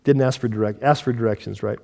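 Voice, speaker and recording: Pastor preaching in a reverberant hall. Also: male voice, medium pitch, steady tone, quick pace, creaky. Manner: intimate and hushed at times, rising to loud emphatic scripture reading. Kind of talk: sermon. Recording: long reverb of a large hall.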